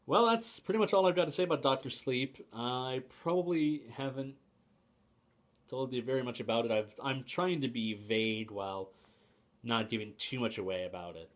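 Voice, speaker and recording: A man's voice: medium pitch, normal speed. A young man giving a casual spoken book review to camera, hesitant, with frequent fillers and restarts, and opinionated.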